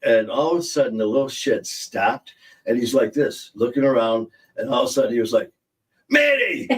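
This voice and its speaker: A man hosts a podcast live stream, chatting casually through rambling anecdotes and chuckling at his own jokes. His mid-range voice is darkish and fairly quick, picked up from a distance by a streaming setup mic.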